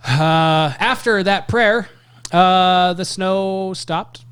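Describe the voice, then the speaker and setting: A man's voice: sits high, extremely slow, a bit bright, clean tone, dry recording. Podcast man reading history, dry sound. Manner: reads historical quotes with emphasis. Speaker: podcast co-host. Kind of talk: casual chat, reading quotes aloud.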